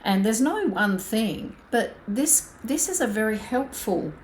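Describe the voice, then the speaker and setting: A woman co-hosting a casual, reflective chat who speaks softly, affirms often and leans on "you know". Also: a little high, very animated, measured pace, a little hiss or hum. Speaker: podcast co-host. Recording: echoey room.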